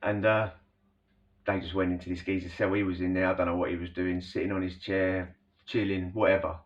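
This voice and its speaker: Low-voiced man telling a rambling story. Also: flat delivery, brisk. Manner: rambling, slangy, full of "you know" asides. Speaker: storyteller recounting prison life. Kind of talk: casual spoken storytelling. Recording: distant, dull lo-fi recording.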